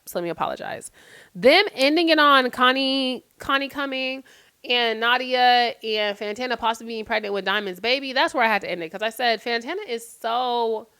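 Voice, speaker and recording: A woman's voice: a little high, sharp tone, clear, resonant tone. A woman hosting a casual recap vlog, chatty and blunt, swearing freely and filling her talk with "like". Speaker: host recapping reality TV.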